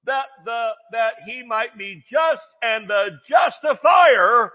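A man preaching a sermon, excitable, jumping between quiet asides and shouted declarations. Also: very high-pitched, slow pace. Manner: excitable, shouts at peaks, jokes and laughs with the congregation. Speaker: pastor. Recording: dull, echoey church recording.

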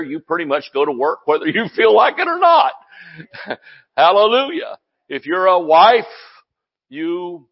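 A male pastor preaching a sermon in a lively way, breaking into laughs and hallelujahs. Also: high voice, lo-fi sound.

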